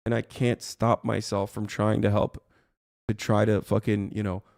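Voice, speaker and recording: A man's voice: fairly low pitch, flat delivery, moderate pace, vocal fry, a little mellow, no room sound, clean studio sound. A man ranting on his livestream, heated and profane, rambling as he talks to his chat from his streaming room.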